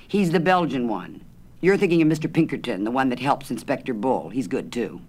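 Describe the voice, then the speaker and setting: Male reader voicing a bossy mystery-mad American woman, pitched up, lively delivery. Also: fairly quick, close to an everyday voice. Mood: insistent. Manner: insistent, eager, know-it-all. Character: chatty, opinionated American woman, mystery-novel fan.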